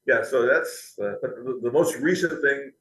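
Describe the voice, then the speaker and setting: A man of medium pitch talks through company history as a guest, chatty and given to laughing while he tells a story. His voice carries a clear roomy echo, as if recorded in a large, open room. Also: moderate pace, a bit bright, slight background noise. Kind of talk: anecdotal interview storytelling. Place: company building.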